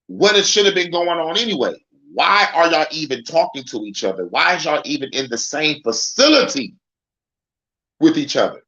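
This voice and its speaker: A man's voice: on the high side, expressive, moderate pace, bright, forceful tone, lo-fi sound. A man hosting a casual livestream, ranting and rambling in heated, profane commentary. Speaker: livestream host. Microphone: phone.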